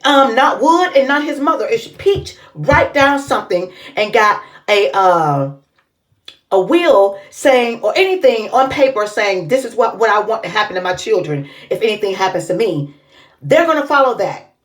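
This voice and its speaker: A woman's voice: mid-range voice, expressive, normal speed. A woman giving casual reaction commentary, indignant and scolding in her delivery. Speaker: commentary vlogger.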